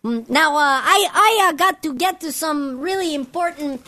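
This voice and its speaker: This is a woman with a high voice who hosts the news on live radio. She talks loosely and rambles, swears in nearly every phrase, and keeps tossing in "you know". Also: expressive, normal speed, sharp tone. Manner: rambling and heavily profane, constant "you know". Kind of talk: profane off-the-cuff radio rant.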